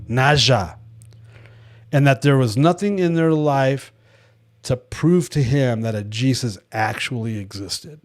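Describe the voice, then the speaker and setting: A man from California leading a devotional Bible study in a casual teaching style, telling stories animatedly, acting out quoted voices and adding wry, joking asides. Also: mid-range voice.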